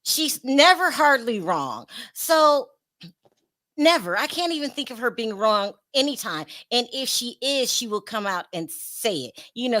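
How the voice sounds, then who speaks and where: A woman hosting a casual online celebrity gossip show, chatty and quick to laugh, often restarting her sentences. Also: a little high, fairly bright tone. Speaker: show host.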